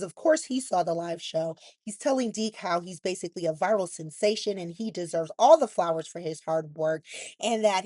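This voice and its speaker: A woman hosts a soap opera recap, offering blunt, sassy, opinionated commentary packed with "like" and asides. Her voice is a little high, with no room sound.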